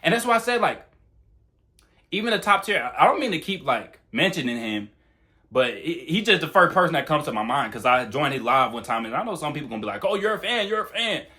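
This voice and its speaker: A young man talking fast and bluntly, with plenty of swearing, in a casual monologue giving dating advice on his channel. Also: mid-range voice, expressive, bright, forceful tone. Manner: blunt, profane, talks fast.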